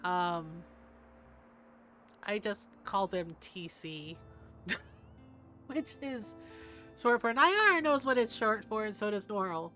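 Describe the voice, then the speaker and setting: A woman's voice: medium pitch, slow, long pauses, faint music behind. A woman streaming a game, chatting casually and telling stories with lots of laughter and swearing. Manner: animated storyteller, swears freely, laughs often.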